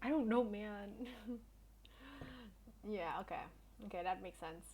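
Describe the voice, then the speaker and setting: A woman's voice: mid-range voice, slow, a little mellow, slight background noise. A young woman streamer chatting casually with her viewers, telling a story in a blunt, indignant way and swearing often.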